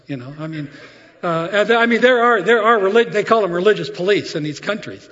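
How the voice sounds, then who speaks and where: A man preaching a sermon, telling stories in a conversational, animated way with frequent asides. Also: high voice, brisk, long reverb tail, dull audio. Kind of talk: sermon storytelling.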